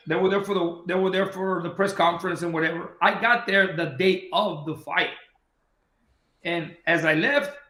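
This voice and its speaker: A boxing trainer telling a long story in casual talk, acting out the voices of the people in it. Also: male voice, sits high, roomy sound, low-quality recording. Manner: animated anecdote-telling, acting out quoted dialogue.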